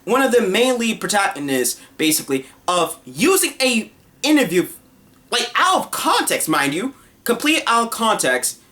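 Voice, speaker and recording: A woman with a slightly high, fairly bright voice delivers a heated, scornful rant as an online commentator in a vlog monologue. Very animated at a moderate pace, she repeats her points and talks over herself.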